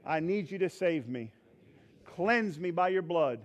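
A man preaching a sermon as pastor, swinging between fervent exclamations and a hushed altar-call prayer. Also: fairly high pitch, lively intonation, unhurried, highs cut off. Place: church sanctuary.

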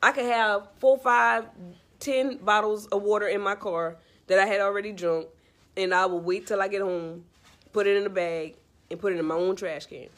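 A woman's voice: medium pitch, fairly even intonation, moderate pace. A woman in a casual, heartfelt monologue giving life advice straight to the listener, earnest and repetitive.

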